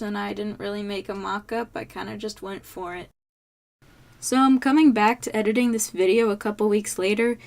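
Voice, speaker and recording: A teenage girl narrating her cosplay build in a casual, unscripted vlog, rambling with lots of "um"s and poking fun at herself. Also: medium pitch. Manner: rambling, unscripted, self-deprecating with frequent "um". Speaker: cosplay vlogger.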